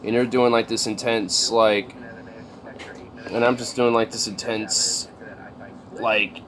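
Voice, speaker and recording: A man's voice: on the low side, fairly even intonation, slow pace, long pauses, fairly bright tone, a little hiss or hum. A man chatting casually on a livestream, rambling and swearing, with lots of fillers. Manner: rambling, profane, many fillers.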